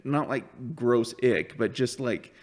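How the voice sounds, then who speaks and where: A man's voice: medium pitch, takes it slowly. A man co-hosting a podcast, reviewing a film in casual chat and laughing often. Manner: laughs often, animated impressions. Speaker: podcast co-host.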